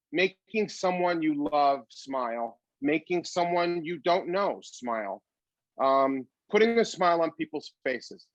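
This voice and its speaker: A man's voice: a little high, expressive, unhurried, no echo. Upbeat man musing, muffled sound. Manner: upbeat, philosophical, rambling with fillers. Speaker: comedian. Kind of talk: reflective storytelling in an interview.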